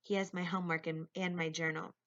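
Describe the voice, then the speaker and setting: Woman reading a novel aloud, steady, bright voice, lo-fi audio. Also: lowish voice, fairly quick. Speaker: reader. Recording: lo-fi recording.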